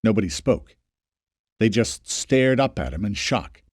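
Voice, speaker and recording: A man's voice: lowish voice, very animated, a little slow, darkish tone, dry recording. Guy reading an audiobook, voice moves around a lot, dead dry sound. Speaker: audiobook narrator. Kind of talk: scripted narration.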